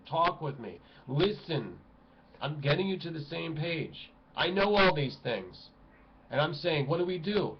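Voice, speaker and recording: A man vlogging from home in an impassioned ranting monologue, swinging between loud exclamations and low mutters. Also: expressive, unhurried, highs cut off, a little hiss or hum. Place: home room at a computer desk.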